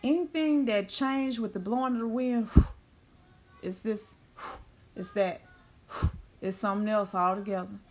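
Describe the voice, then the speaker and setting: A woman giving a blunt, emphatic spiritual talk who swears freely, then eases into a slow guided visualization. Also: medium pitch. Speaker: spiritual teacher. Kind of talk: spoken ritual talk.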